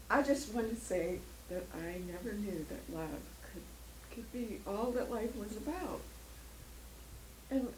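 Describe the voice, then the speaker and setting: A woman's voice: a little high, darkish tone. An older woman giving an emotional personal testimony as a guest speaker at a church, rambling a little and laughing often. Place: church hall. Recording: echoey room, faint noise.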